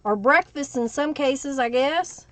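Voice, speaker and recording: A woman's voice: high voice, unhurried, a bit bright, no echo. A woman with an Oklahoma Southern accent hosting a live crafting stream, chatting casually and answering viewer comments as she works. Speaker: livestream crafting host.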